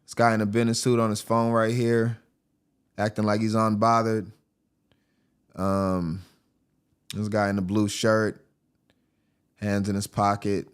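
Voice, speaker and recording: Joking, animated male show host. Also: fairly low pitch, measured pace, long pauses, clear, resonant tone. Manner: joking, animated, often laughing. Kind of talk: casual commentary over video.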